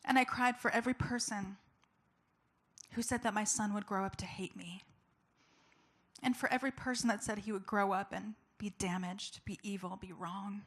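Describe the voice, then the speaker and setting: A woman's voice: mid-range voice, steady tone, normal speed, fairly bright tone. A woman giving an earnest, personal talk to a live audience, chatty and full of fillers. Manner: earnest, conversational, with many fillers. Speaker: public speaker.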